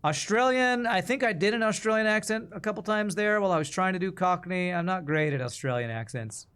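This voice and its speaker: Laid-back male streamer with slightly high pitch, musing casually over gameplay. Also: fast, a bit bright, clean tone. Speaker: game streamer.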